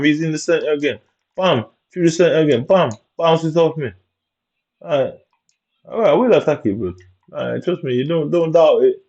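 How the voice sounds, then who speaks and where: A fairly high-pitched man grumbles and rants heavily as he talks over his own gameplay. Though mellow and dark in tone, his voice carries a constant aggrieved note, and the recording sounds dull and lo-fi.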